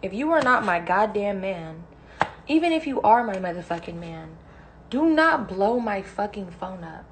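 A young woman livestreams from her phone while cooking in her home kitchen, chatting bluntly, ranting and swearing heavily. Her mid-range voice is very animated at normal speed, with slight background noise.

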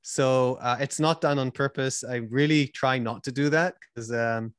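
A man's voice: medium pitch, fairly even intonation, measured pace, fairly bright tone, clear, resonant tone, dry recording, studio quality. A young man with a mixed Canadian, British and Israeli accent, chatting and rambling a little as a podcast host being interviewed. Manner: rambling, self-deprecating, chatty. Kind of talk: casual interview conversation.

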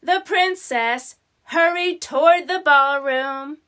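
A woman reading a children's picture book aloud, slow, gentle and expressive. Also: high voice. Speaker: storyteller.

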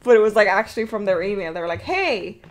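A woman's voice: medium pitch, expressive, fast talker. A young Irish woman streaming, chatting casually in a rambling way and swearing freely.

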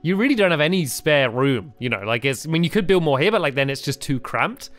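A man's voice: a little high, lively intonation, fast talker, faint music behind. A man co-hosting a casual building-game video, teasing his partner and laughing often. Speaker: co-host. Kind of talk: casual let's-play chat.

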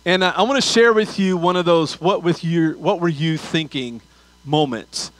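A man's voice: fairly high pitch, moderate pace, no echo, poor audio. A man preaching a sermon as pastor, telling a funny story with asides before turning to scripture.

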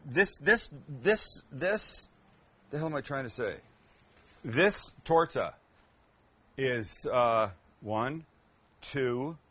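Husky joking man hosting a cooking show. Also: medium pitch. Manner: joking, chatty, self-mocking asides. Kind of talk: casual cooking demo chat.

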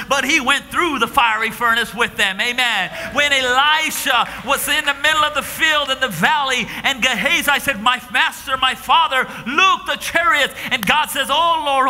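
A man preaching a sermon, swinging between hushed whispers and shouted declarations, recorded live in a church. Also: extremely high pitch. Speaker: pastor. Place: church sanctuary. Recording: live church stream with long hall reverb.

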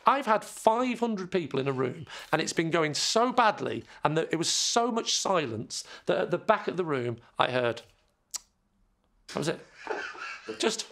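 Low-voiced woman recalling stage silence. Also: slight background noise. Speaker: comedian. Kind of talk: documentary interview.

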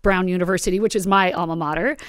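A woman's voice: on the low side, fairly even intonation, quick pace, no echo. A woman hosting a podcast, speaking earnestly and rambling a little as she sets up a question for her guest. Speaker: podcast host. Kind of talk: interviewing a guest.

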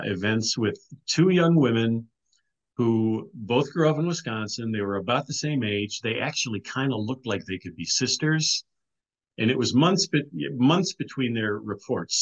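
A middle-aged man with a fairly low voice, captured on a muffled recording, tells a story as a guest on an interview show. He's an author and filmmaker, casual in delivery and prone to restarts and "you know"s.

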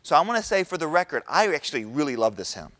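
A middle-aged man delivers a talk in church with a somewhat high voice. He keeps it conversational, checking in with the crowd with quick questions. His delivery is animated, swinging up and down in pitch. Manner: conversational, asks the audience questions. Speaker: speaker at a church event. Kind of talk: sermon-style talk.

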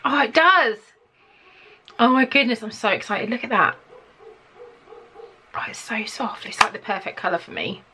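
A woman with a British accent, chatting to camera as she unboxes gifts in an excitable, gushing way full of gasps. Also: a little high, normal speed, pauses often, a little hiss or hum. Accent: British English. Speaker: vlogger.

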